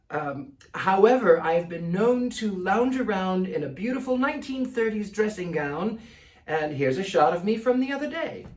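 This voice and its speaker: Brief: male host, Mid-Atlantic accent, theatrical precise delivery, higher voice, roomy echo. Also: far from the mic. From United States. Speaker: psychic answering viewer questions. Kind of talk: casual Q&A monologue.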